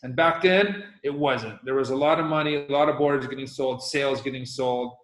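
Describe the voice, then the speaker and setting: A man's voice: medium pitch, normal speed, echoey room, rough recording. A middle-aged man from Hawaii, a professional windsurfer talking as a guest in a casual, rambling interview. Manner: rambling, loose, with many restarts.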